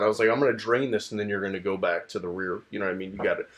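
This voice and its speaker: Low-voiced easygoing storytelling man. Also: steady tone, fast, hardly any pauses. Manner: easygoing, acts out dialogue with "I'm like". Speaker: guest, former Navy corpsman. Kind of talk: casual storytelling chat.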